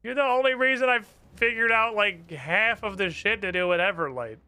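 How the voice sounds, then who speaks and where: Male streamer, casual gameplay chat, high voice, bright tone, faint background music. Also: normal speed, clear, resonant tone. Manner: chatty and animated, with fillers.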